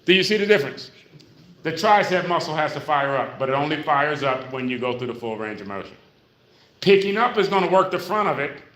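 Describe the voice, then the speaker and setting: A man coaching a seniors' exercise class, counting reps and checking in with the group after nearly every point. His voice is bright and a little high, and it carries through a very echoey room, heard from some distance away from the mic. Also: expressive, brisk. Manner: demonstrating moves while talking, energy rises when explaining. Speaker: senior fitness instructor. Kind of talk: live exercise class instruction.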